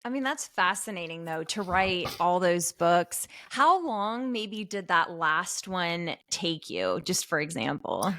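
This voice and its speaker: A woman hosting a podcast interview, enthusiastic and slowing down when she asks questions. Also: lowish voice, sing-song, bright, forceful tone, no room sound, clean studio sound. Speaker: podcast host. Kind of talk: casual interview chat.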